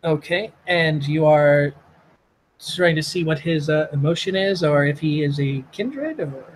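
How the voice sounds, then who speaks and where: A man running a tabletop role-playing game, narrating slowly and haltingly. His voice sits a little high, and faint noise hums under the recording. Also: poor audio. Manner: halting, many fillers. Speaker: game master.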